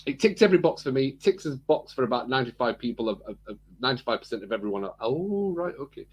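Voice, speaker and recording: A man's voice: medium pitch, expressive, fast talker, husky. A man co-hosting a podcast, chatting casually and rambling, repeating words and laughing often. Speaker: podcast co-host. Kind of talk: casual chat.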